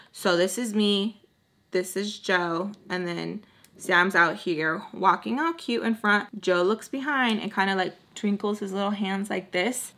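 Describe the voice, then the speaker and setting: A woman's voice: medium pitch, pushed and bright. Chatty young woman telling a story. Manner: chatty, dramatic, heavy filler "like". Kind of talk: casual storytime while doing makeup.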